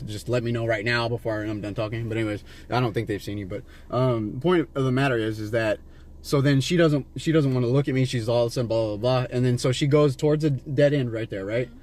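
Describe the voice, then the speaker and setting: A man's voice: mid-range voice, fairly even intonation, fast talker, a little mellow. A man from Las Vegas rambles to a stranger from inside his car, swearing and padding his story with fillers and restarts while his camera records. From Las Vegas, USA. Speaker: vlogger filming a street encounter. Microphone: handheld camera inside the car.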